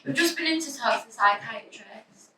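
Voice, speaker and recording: A woman's voice: on the high side, normal speed. A young woman narrating her own story in the first person, in an anxious, breathless, confessional way. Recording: echoey room, distant mic, faint noise.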